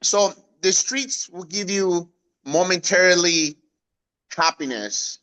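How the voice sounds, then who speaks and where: Bright-voiced man telling his story. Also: takes it slowly, low-quality recording. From Guatemala. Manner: animated, acts out quoted voices with raised pitch. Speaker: guest. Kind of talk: storytelling in an interview.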